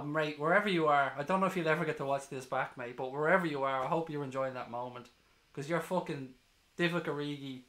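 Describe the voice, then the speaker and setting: A man streaming a live football watchalong, ecstatic and swearing, reading chat messages aloud, hoarse from screaming. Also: medium pitch, bright, forceful tone, reverberant.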